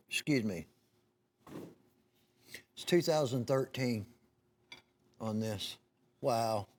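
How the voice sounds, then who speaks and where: Folksy man selling knives on TV. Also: mid-range voice. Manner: folksy, rambling, frequent "uh" and restarts, addresses "folks". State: clearing his throat now and then. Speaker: TV shopping host selling knives. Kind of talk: live home-shopping sales pitch.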